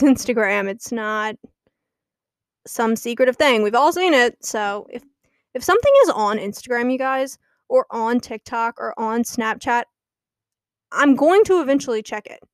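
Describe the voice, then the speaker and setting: Chatty young woman, fairly high voice. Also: normal speed, no echo, clean studio sound. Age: young adult. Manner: chatty and gossipy, laughing often. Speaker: podcast host. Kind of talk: casual chat.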